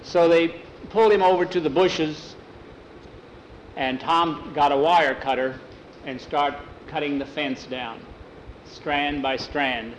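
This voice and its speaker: Folksy male storyteller, slightly high voice. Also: steady tone, slow, slight background noise, low-quality recording. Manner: folksy, repeating "he says" between lines. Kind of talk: oral storytelling.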